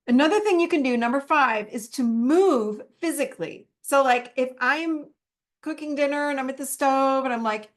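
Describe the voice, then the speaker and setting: A woman's voice: high voice, normal speed. Woman teaching a live self-help masterclass. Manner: warm, conversational, acts out her own inner dialogue.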